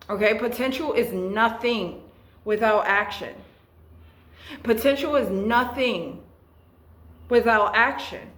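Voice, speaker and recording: A woman's voice: mid-range voice, fairly bright tone, echoey room, low-quality recording. A woman giving a tarot reading and chatting about her own life, earnest and emotional, often restarting her sentences. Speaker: tarot reader. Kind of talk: tarot reading with personal chat.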